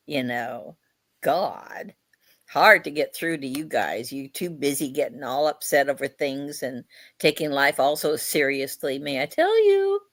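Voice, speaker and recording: A woman's voice: low-pitched, fairly bright tone, dry recording, full character voice. A woman channeling a carefree, lecturing fairy spirit. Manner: playful, lecturing, mischievous. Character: carefree playful fairy spirit, self-styled leader.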